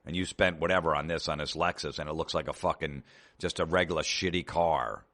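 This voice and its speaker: A man's voice: rumbling low, fairly quick, fairly bright tone. A man hosting a comedy show, ranting in a sarcastic, profane and exasperated way. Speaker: comedian host. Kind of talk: comedic rant.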